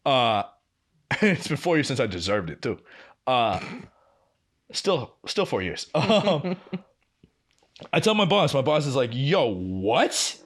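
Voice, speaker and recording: A man in his twenties co-hosting a podcast, telling a work story in a casual, profane, animated way. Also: medium pitch. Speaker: podcast co-host.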